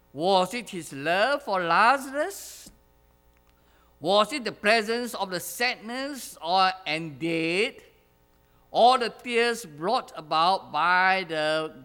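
Slow, lively-voiced preacher man in an echoing hall. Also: high voice. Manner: asks the congregation questions, repeats phrases, chuckles. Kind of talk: sermon. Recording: long hall reverb.

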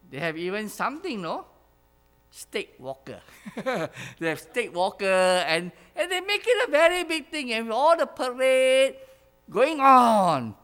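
A man's voice: very high-pitched, very animated, a little slow, a bit bright, smooth. A man preaching a sermon who asks the congregation questions, repeats his phrases and chuckles now and then. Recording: long hall reverb.

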